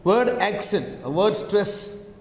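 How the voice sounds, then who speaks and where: A man's voice: sits high, expressive, slow. A man teaching a class, repeating key phrases and checking in with "right?" after nearly every point. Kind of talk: classroom lecture. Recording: echoey room with long reverb.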